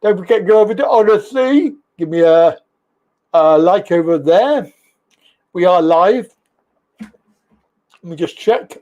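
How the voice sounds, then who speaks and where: A man hosting a live stream, easygoing and talkative. His voice sits high for a man, and he takes his time, drawling through greetings and chat comments with frequent chuckles. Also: animated, measured pace, pauses often, warm tone, highs cut off. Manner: chatty, reads viewer comments aloud, laughs often. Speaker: live-stream talk show host.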